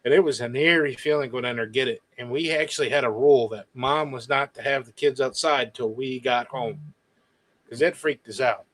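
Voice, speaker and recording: A man's voice: medium pitch, fairly quick, rough recording. A man telling a story in a casual chat, animatedly acting out what others said. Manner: animated, quoting others in lively bursts. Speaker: guest.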